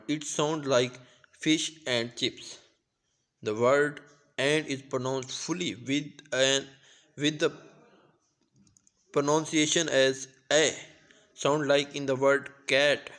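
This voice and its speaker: Slow, careful young male student presenter. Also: medium pitch, fairly bright tone. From Pakistan. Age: young adult. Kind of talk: class presentation on pronunciation.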